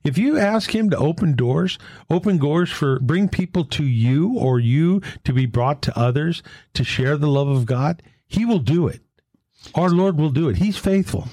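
Earnest male storyteller, faith talk, very animated intonation, dry close sound. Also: on the high side, normal speed, no echo. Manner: earnest testimony, retelling dialogue in a lively back-and-forth. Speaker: Catholic men's fellowship leader. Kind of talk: faith-sharing conversation with storytelling.

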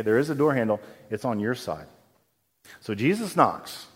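Pastor guy preaching in a big echoey hall, chatty, keeps asking the crowd stuff. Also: mid-range voice. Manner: conversational, asks the congregation questions. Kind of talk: sermon. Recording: long hall reverb.

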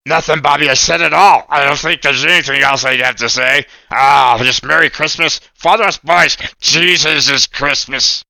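Man putting on an excitable puppet boy, gushing, eager, bright tone, dry close sound. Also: a little high, normal speed, creaky, few pauses, no room sound, heavily acted. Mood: excited. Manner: gushing, eager, keeps jumping in. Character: excitable earnest young male puppet friend. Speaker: puppet co-host. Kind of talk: puppet role-play on a radio show.

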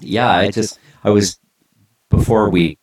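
A man's voice: fairly low pitch, fairly even intonation, measured pace. A middle-aged man hosting a podcast interview, chatting casually with frequent restarts and tag questions. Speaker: podcast host.

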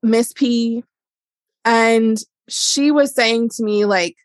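Speaking extremely slowly in a fairly high voice with no room sound, a middle-aged wellness educator and business owner delivers a casual solo monologue. She's candid and chatty, and "like" comes up constantly.

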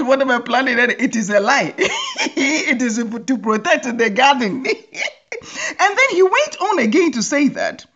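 Woman host, comic monologue, lively pitch, laughing, dull lo-fi sound. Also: breathy edge. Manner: laughs often, teasing and animated. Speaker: podcast host. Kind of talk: humorous commentary monologue. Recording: dull lo-fi recording.

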